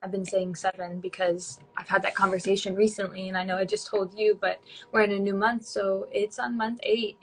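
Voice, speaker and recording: Female podcast guest, mid-pitched, reflective, casual conversation. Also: a bit bright, rough recording. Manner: reflective, searching for words.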